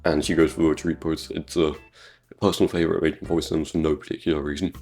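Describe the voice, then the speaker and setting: A British man with an extremely low voice delivers comedic gameplay commentary. He rambles through crude, sarcastic jokes in a casual way. Faint guitar music plays behind him. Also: level tone, fast, darkish tone. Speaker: gaming YouTuber.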